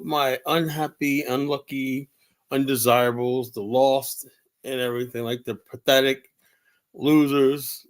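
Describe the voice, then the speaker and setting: A male show host delivers solo commentary in a mid-pitched voice, sounding tired. His talk rambles through repeated fillers and false starts, with a mocking, combative edge. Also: flat delivery, unhurried. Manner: rambling, heavy on fillers and restarts. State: tired, yawning.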